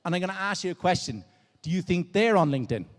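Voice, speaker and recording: An Irish man from Dublin giving an energetic, interactive keynote on stage at a conference, drawing the crowd in with show-of-hands questions. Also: high-pitched, fast talker. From Dublin, Ireland. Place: large conference hall on stage. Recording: long reverb of a big hall.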